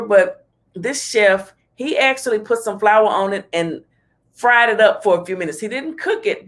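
Chatty woman host giving her opinions. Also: mid-range voice. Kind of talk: casual commentary.

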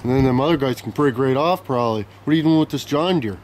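A young man vlogging outdoors on a handheld camera, rambling and joking loudly with plenty of slang and swearing. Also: medium pitch, fast, slight background noise. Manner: loud, profane, joking banter with lots of slang. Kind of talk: casual rambling vlog chat.

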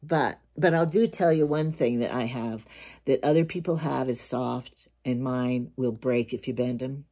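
A woman's voice: rumbling low, measured pace, warm tone. An older woman with grandkids, talking casually to camera in a rambling, chatty way and telling jokes. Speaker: vlogger.

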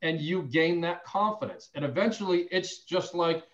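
A man who sells insurance, sharing phone-call tips in a casual, animated way and acting out both sides of a call. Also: a little high, normal speed. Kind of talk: casual sales training talk.

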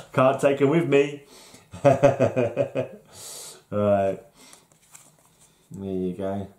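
A man's voice: medium pitch, drawn-out words, pauses often, a little mellow. A middle-aged man hosting a casual vlog, rambling and chuckling at himself. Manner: rambling, chuckling, self-deprecating. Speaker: vlog host. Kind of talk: casual solo vlog chat.

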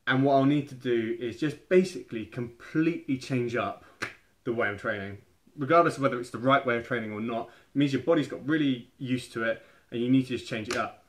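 A young Englishman talking straight to camera about his workouts. His delivery is loose and conversational, and he keeps doubling back to fix a word mid-sentence. His voice sits at a middling pitch for a man. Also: a little fast. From England. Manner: chatty, rambling, often restarts mid-phrase. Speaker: fitness vlogger. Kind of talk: casual advice talk to camera.

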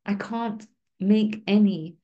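A woman giving a relaxed Torah lesson to a small group. She talks in a chatty, conversational way, tossing in "right?" to check in with her listeners. Her voice sits at an ordinary middle pitch. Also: takes it slowly, highs cut off. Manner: conversational, keeps asking "right?". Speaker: Torah teacher. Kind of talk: informal class talk.

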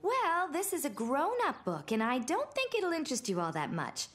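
A gentle, patient cartoon mom. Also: female voice, high-pitched, normal speed, soft background music. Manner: gentle, coaxing, very lively intonation. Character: patient young cartoon mother, gentle and kind.

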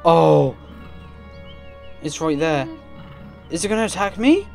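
A man's voice: sits high, sing-song, normal speed, soft background music. A young man giving casual gameplay commentary from his desk at home, chatty and easily startled, gasping and sighing as he plays. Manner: chatty, jumpy, gasps and sighs when startled. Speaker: let's play gamer.

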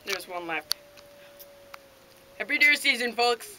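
A woman playing a dim, cheerful male deer hunter in an improvised comedy sketch, telling a rambling story in a deadpan way over a noisy home video recording. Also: medium pitch, normal speed, natural voice.

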